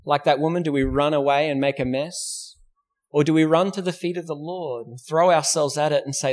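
A man's voice: fairly high pitch, fairly even intonation, a little fast. A male pastor with an Australian accent, preaching a sermon in a church, telling a story and posing rhetorical questions. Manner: storytelling preacher, acts out quoted voices.

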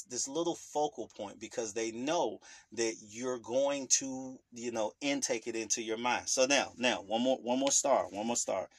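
A man's voice: mid-range voice, breathy edge, dry recording. A man talking earnestly about family and money, repeating phrases with an emphatic, preacher-like cadence. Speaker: speaker sharing life lessons. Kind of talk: earnest personal talk.

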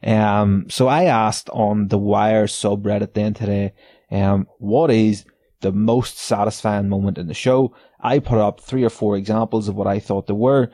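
A man's voice: lowish voice, steady tone, measured pace, warm tone, dry recording. A man hosting a podcast, ranting in a casual, sardonic way, swearing a lot and laughing between lines. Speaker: podcast host. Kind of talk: casual solo rant.

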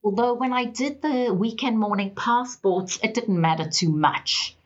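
A South African woman appears as a guest on a podcast interview, recounting her story expressively and with emphasis. Her voice is a little high and her pace measured, and the recording has its highs cut off.

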